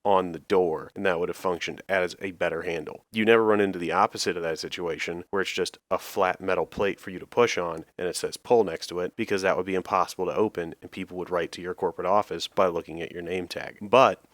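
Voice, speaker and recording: A man telling silly stories as a comedy host, with a wry, deadpan delivery. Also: deep voice, quick pace, hardly any pauses, no room sound. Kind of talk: comedic storytelling monologue.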